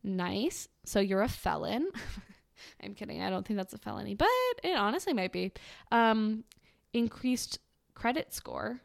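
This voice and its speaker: A woman's voice: medium pitch, animated, measured pace, vocal fry. Young woman podcaster, dry sarcastic running commentary. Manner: sarcastic, wry, mocking. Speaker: podcast host.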